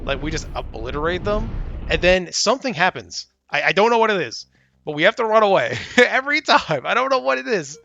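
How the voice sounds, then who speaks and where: Excitable young man narrating his gameplay. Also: high-pitched, brisk, vocal fry, lo-fi sound, a little hiss or hum. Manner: excitable, exasperated, pleads loudly at the screen. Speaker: gaming YouTuber. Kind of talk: casual gameplay commentary.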